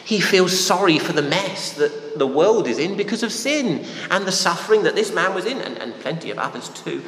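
A man's voice: high-pitched, sing-song, normal speed, fairly bright tone, a little hiss or hum. A man preaching a conversational sermon, often asking his listeners rhetorical questions. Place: church hall. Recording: echoey hall, faint room ambience.

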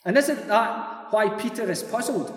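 Slow, high-voiced pastor preaching. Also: male voice. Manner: slow, dramatic storytelling with rhetorical questions. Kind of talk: sermon. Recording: echoey hall from far off.

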